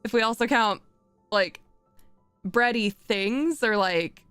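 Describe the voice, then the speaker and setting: A woman's voice: fairly high pitch, slow pace, fairly bright tone, smooth, no room sound, faint music behind. A woman streaming as a VTuber, chatting casually and rambling as she thinks aloud while working, often laughing. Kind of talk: casual live-stream chat.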